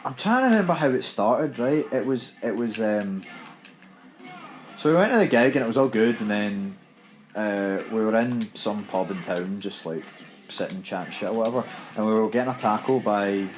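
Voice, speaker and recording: A man's voice: fairly low pitch, expressive, normal speed, soft background music, poor audio. A young Scottish man co-hosting a gaming podcast, telling a story in casual, laughing chat.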